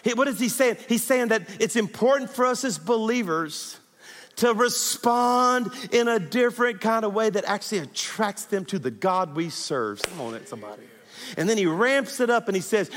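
In a large church hall, a high-voiced, middle-aged pastor preaches animatedly at a moderate pace, spurring his congregation on, his words ringing with long reverb.

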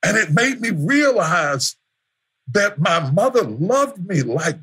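A man preaching a sermon as pastor, building to shouts through repeated refrains. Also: sits high, sing-song, takes it slowly, husky.

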